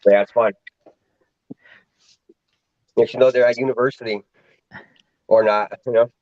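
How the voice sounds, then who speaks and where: A man's voice: medium pitch, fairly even intonation, unhurried, no room sound. A man chats with curiosity, wandering through his sentences with lots of "uh" and "like". The audio is dry and dull, like a lo-fi online call. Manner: rambling, curious, many fillers and restarts. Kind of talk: casual online voice chat.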